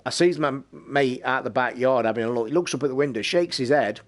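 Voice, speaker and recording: A man, telling a long personal anecdote on a podcast in a casual, sweary, animated way. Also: mid-range voice, a little fast. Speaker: podcast host. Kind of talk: casual storytelling.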